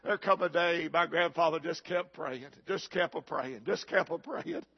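A middle-aged male pastor, preaching a fiery sermon that rises to shouts. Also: on the high side, normal speed, slightly rough, highs cut off. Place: church.

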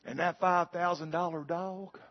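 A male preacher with a gravelly voice, telling a folksy story in a sermon that builds to shouted preaching, in a church. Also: high voice, steady tone, moderate pace, lo-fi sound.

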